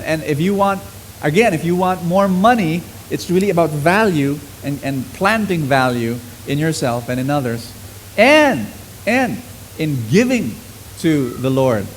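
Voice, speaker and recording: A middle-aged man preaching a sermon to a congregation, swinging between loud exclamations and soft, low lines. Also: slight background noise, rough recording.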